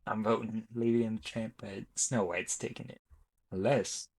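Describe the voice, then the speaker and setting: A man's voice: lowish voice, steady tone, moderate pace, creaky, slightly rough, low-quality recording. A young man giving chatty, rambling commentary as he ranks films on his channel, often correcting himself mid-sentence. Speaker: YouTuber ranking films. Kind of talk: casual commentary.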